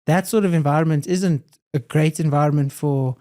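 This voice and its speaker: A man's voice: on the high side, normal speed, mellow. A young adult man, a podcast guest, talking in an earnest, reflective way and often repeating phrases. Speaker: podcast guest, hybrid athlete. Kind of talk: casual conversation.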